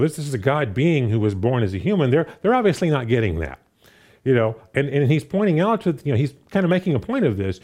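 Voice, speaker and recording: Lively, mellow-voiced male preacher. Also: mid-range voice. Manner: animated, many fillers and restarts. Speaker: pastor. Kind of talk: sermon.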